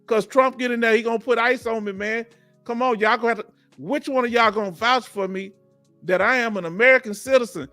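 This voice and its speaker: A man's voice: extremely high pitch, brisk, bright, forceful tone, soft background music. A man from Houston with a Southern Texas accent, hosting a casual live stream and joking with his viewers, laughing often. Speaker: veteran livestream host.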